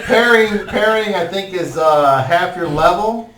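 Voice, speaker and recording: Male game master, descriptive and halting, recorded at a distance in a roomy space. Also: high-pitched, crowd noise. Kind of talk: narrating a tabletop game. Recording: roomy room, mic far off.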